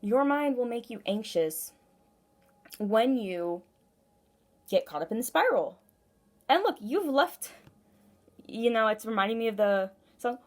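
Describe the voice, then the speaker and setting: A woman's voice: a little high, animated, a little slow, pauses often. A woman giving a casual, intuitive tarot reading to camera, rambling and effusive, with lots of fillers and self-interruptions. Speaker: tarot reader.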